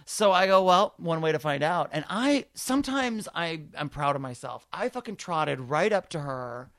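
A man who is a comedian hosting a podcast, telling stories in a campy, profane, animated way. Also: on the high side, normal speed, dry recording. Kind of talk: casual storytelling chat.

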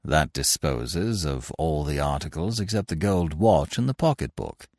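A man's voice: rumbling low, lively intonation, moderate pace, a little mellow, dry recording, clean studio sound, pitched below the performer's own voice, full character voice. A man playing a stern police sergeant. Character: brisk male police sergeant, dry and stern.

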